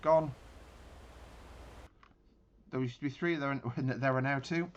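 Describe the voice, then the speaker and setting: A man's voice: mid-range voice, steady tone, unhurried, clear, resonant tone, highs cut off. A man giving casual gameplay commentary on a naval battle game, thinking aloud with frequent restarts. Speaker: gaming channel host.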